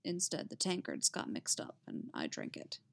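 Woman doing a gruff, brooding witcher man. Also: wildly swooping pitch, moderate pace, heavily acted. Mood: bitter. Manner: low, dark, clipped speech. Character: gruff brooding male witcher, grim and terse.

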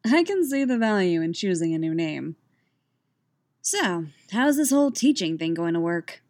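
A woman's voice: on the low side, sing-song, normal speed, darkish tone. Brief: teasing, smirking young woman , a woman reading her.

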